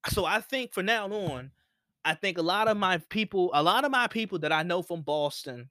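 A man's voice: sits high, animated, moderate pace, bright, forceful tone, no echo, studio quality. A man hosting a sports podcast, talking casually and repeating his points for emphasis. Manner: opinionated, repeats himself for emphasis. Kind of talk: casual solo sports talk.

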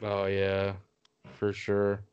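A man's voice: fairly low pitch, monotone, extremely slow, a little mellow, clean tone, dry recording, lo-fi sound. A man co-hosting a podcast, chatting casually about baseball, laid-back and jokey, often laughing. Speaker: podcast co-host. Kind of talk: casual chat.

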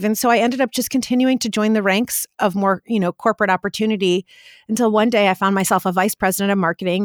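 A woman in her forties tells her life story to an interviewer in a lively, conversational way, full of "like" and quick asides. Her voice sits at a middle pitch, and the sound is close and dry, with no room around it. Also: dry recording. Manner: animated, vivid storyteller with frequent "like" fillers.

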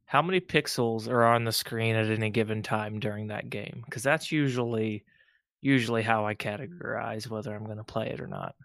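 A man co-hosting a podcast in casual chat, teasing the others with deadpan jokes. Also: fairly low pitch, brisk, creaky, no echo, studio quality. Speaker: podcast co-host.

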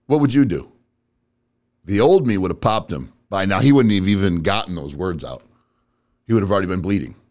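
A man's voice: low-pitched, animated, brisk, long pauses, a little mellow. A man giving a casual motivational talk to viewers, speaking bluntly and directly with street slang. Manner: blunt, direct, street-casual, addresses audience as bro and guys. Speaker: motivational speaker and auto business owner.

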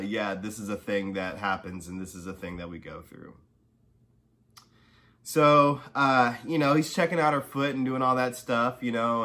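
Telling a personal story on his podcast, this man speaks in a low, bright, forceful voice. His casual manner is packed with "you know" and "right?" asides, and anger makes him heated.

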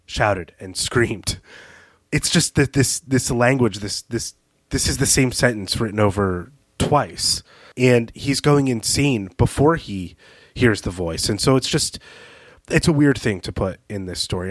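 A male podcast host with a low voice who discusses writing thoughtfully and often pauses to search for words. His tone is casual. The recording is dry and close. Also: no room sound. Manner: thoughtful, hesitant, with fillers and laughs.

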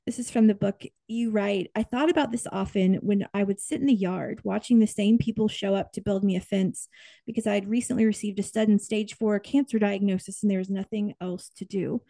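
A woman in her thirties hosting a podcast interview, earnest and expressive, with upbeat affirmations. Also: mid-range voice, fairly quick, vocal fry, dry recording. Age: 30s. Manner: earnest, expressive, upbeat, tearful while reading aloud. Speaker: podcast host. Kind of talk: interview conversation.

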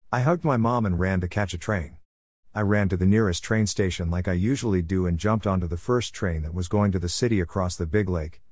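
A man reading a first-person story aloud in a plain, steady storytelling delivery. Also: low-pitched, dry recording, studio quality.

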